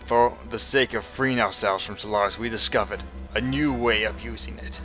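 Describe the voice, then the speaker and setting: A man's voice: fairly low pitch, normal speed. A man reading game lines as a scheming robotic villain. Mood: cold, scheming. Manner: flat mock-robotic reading. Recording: dull lo-fi sound with game music.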